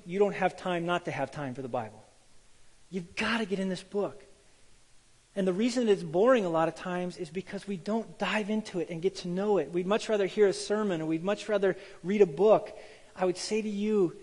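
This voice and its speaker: In a large hall, a pastor whose voice sits high delivers a sermon. He brings his stories to life, performing the quoted voices of their characters.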